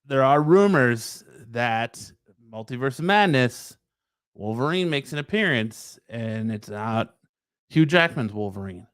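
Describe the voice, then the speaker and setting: A man's voice: medium pitch, lively intonation, a little slow, fairly bright tone, clean tone, no room sound, studio quality. A man co-hosting a casual podcast, reading news stories aloud and riffing loosely on them.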